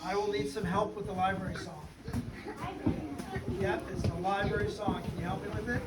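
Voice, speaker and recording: A man's voice: sits high, flat delivery, normal speed. A man telling a rhyming story to children and leading a sing-along, with a playful, teasing way of coaxing them to join in. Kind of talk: rhyming read-aloud and sing-along with kids. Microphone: distant mic. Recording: echoey room, distant mic, background noise.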